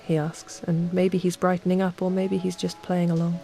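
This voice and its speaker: A woman narrating a calm bedtime story in the second person, at an unhurried pace. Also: fairly low pitch. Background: soft ambient music.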